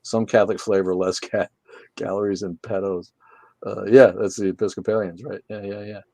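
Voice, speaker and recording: A man's voice: lowish voice, fairly even intonation, moderate pace, gravelly, warm tone, no room sound. A man hosting a casual livestream from his room, reading viewer comments aloud and answering them with sarcastic, profane jokes. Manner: sarcastic, joking, swears freely.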